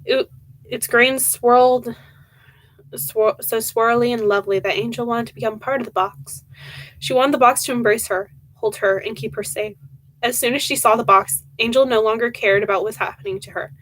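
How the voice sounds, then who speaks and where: A young woman reading a horror book aloud on a live stream, softly and with feeling, often stumbling and restarting words. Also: a little high, steady tone, normal speed, rough recording. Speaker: reader of horror books.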